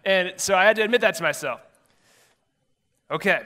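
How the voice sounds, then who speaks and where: Male youth pastor, 30s, a bit high and bright, casual animated storyteller. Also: moderate pace. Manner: chatty, animated storytelling with acted-out quotes. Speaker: middle school pastor.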